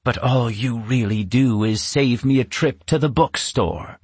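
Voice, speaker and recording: A man's voice: mid-range voice, unhurried, husky, no room sound. A man reading a storybook aloud and voicing a cruel, spiteful female witch who snaps and screams with menace. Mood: contemptuous. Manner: snapping, menacing, bursts into screams.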